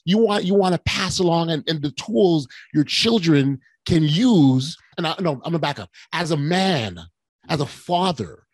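A man's voice: fairly high pitch, moderate pace, husky, dry recording. A man in his forties hosting a podcast, telling a personal story with animation and lots of restarts. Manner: animated, emotional, frequent restarts and repeated words. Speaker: podcast host. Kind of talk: casual conversational storytelling.

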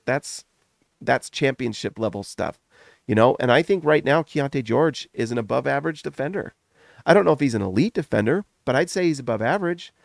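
A middle-aged man talks basketball on his podcast with a gravelly, fry-edged voice. He gushes in quick, animated bursts and sounds a bit foggy from a recent illness. The recording is close and dry, with no room sound. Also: a little high, dry recording. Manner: animated, gushing, talks in rapid runs. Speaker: podcast host. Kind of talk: casual sports commentary.

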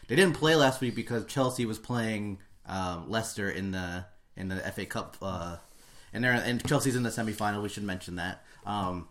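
A man's voice: on the low side, normal speed, a bit bright. Regular guy hosting a soccer podcast, laid back, lots of ums. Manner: easygoing, with fillers and restarts. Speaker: podcast host. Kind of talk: casual sports chat.

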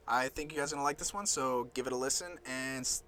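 A young man co-hosting a casual podcast from a home studio, laid-back and quick to laugh. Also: medium pitch, sharp tone. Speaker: podcast co-host.

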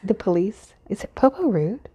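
A woman's voice: medium pitch, big pitch swings, normal speed, dark tone, slightly rough, lo-fi sound. A woman co-hosting a casual podcast, playful and self-mocking, often stumbling over her words. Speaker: podcast co-host. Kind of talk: casual chat.

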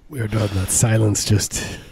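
A man with a lowish, warm, slightly husky voice, sitting close to a dry studio microphone. He co-hosts a comedy podcast and riffs on absurd bits in a dry, offhand way. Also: fairly even intonation, slow pace, no room sound. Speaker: podcast co-host. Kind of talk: casual comedic banter.

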